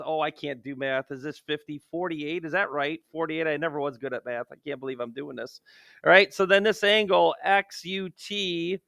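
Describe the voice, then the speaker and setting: A man's voice: high-pitched, bright, forceful tone, no echo, clean studio sound. A man, a math teacher, talking through a geometry lesson in a joking, self-deprecating way, swinging from playful outbursts to muttered asides.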